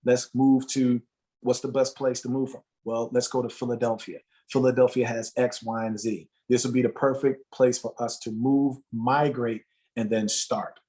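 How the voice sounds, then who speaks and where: Man from Jamaica, interview guest, mid-pitched, earnest and motivational, repeats himself for emphasis. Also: little pitch movement, moderate pace, dark tone. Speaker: guest, musician and motivational speaker. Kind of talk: interview storytelling.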